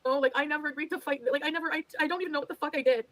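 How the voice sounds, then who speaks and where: A woman's voice: high-pitched, fairly even intonation, rapid-fire, a bit bright, no echo, poor audio. A woman streamer venting on a livestream, exasperated and resigned, swearing often. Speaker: streamer in a played clip.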